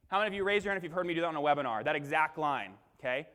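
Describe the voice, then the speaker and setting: A young man giving an energetic conference keynote, talking straight to the crowd and acting out his own presenting lines. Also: on the high side, rapid-fire. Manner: punchy, crowd-engaging, acts out webinar lines. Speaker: keynote speaker. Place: large conference hall. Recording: long hall reverb.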